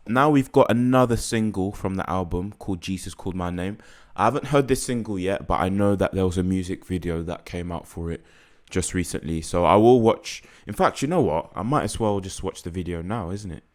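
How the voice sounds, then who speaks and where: Low-voiced laid-back man reacting. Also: lively intonation, a little fast, few pauses, darkish tone. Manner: laid-back, laughing, thinking aloud. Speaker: music reaction host. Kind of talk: casual album reaction.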